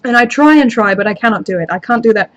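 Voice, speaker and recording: A woman's voice: a little high, quick pace, muffled recording, a little hiss or hum. Chatty woman reading viewer comments. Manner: rambling, chatty, self-deprecating asides. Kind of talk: casual live chat.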